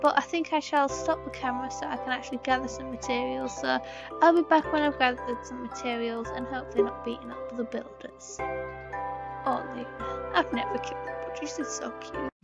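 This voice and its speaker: A woman's voice: high-pitched, fairly even intonation, brisk, gravelly, loud music behind the voice. A British woman chatting casually over gameplay, playful and rambling, with silly asides. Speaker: gaming vlogger.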